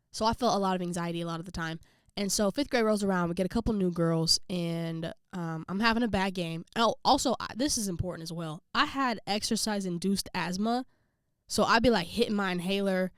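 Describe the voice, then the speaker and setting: A young woman recounts a story in an easygoing, slang-heavy way, breaking off for quick asides and acting out what people said. Her voice sits at a middling pitch. The sound is dry and close, with no room around it. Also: no echo. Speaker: vlogger. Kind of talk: casual storytelling to camera.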